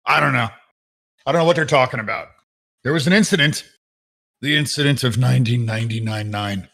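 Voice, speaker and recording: A man's voice: mid-range voice, fairly quick, sharp tone. A man playing a goofy male warrior in a tabletop game, rambling evasively and playfully. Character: goofy male warrior who loves horses.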